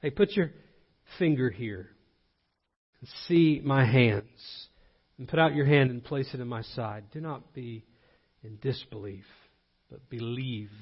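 A gentle risen Jesus speaking low and hushed, as a male preacher puts him on. His words come softly and slowly. The sound is dull and lo-fi. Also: expressive. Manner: soft, hushed.

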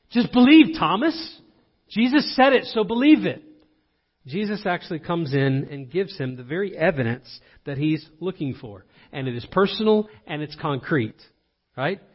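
A man's voice: on the high side, long reverb tail. An earnest male pastor delivering a sermon in a slightly raised voice. He hammers his points home by repeating them. The recording is dull and lo-fi. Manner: earnest, emphatic repetition.

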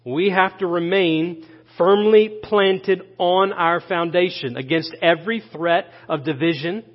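A man's voice: high-pitched, a little slow. A pastor from Florida preaching a sermon, emphatic and repetitive, asking his listeners questions as he goes. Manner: emphatic preaching, repeating key phrases and asking the room questions. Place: church sanctuary. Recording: dull church recording with long hall reverb.

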